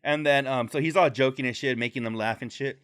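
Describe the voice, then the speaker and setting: A man co-hosting a podcast, telling a story in casual, profane slang and breaking into high put-on voices when he quotes people. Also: quick pace, a bit bright, smooth. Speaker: podcast co-host.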